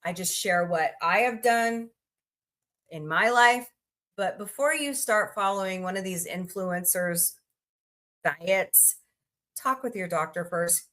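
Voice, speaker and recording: A woman's voice: medium pitch, slow pace, fairly bright tone. A woman hosting a casual livestream, chatting, greeting viewers by name and rambling through asides. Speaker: livestream host.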